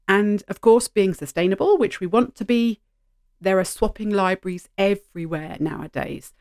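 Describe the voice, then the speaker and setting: A middle-aged woman speaks into a close microphone, her voice sitting at an ordinary middle pitch. The sound is dry and close, with no room echo. She talks in an animated, heartfelt podcast monologue. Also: clean tone. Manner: animated, heartfelt, gently emotional. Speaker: podcast host. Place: sitting at home. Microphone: studio microphone.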